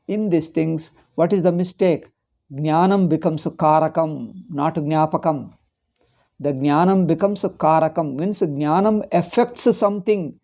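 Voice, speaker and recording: A man's voice: fairly high pitch, warm tone. A man, teaching a scripture class and explaining patiently, with many repeats and Sanskrit terms. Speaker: Vedanta teacher.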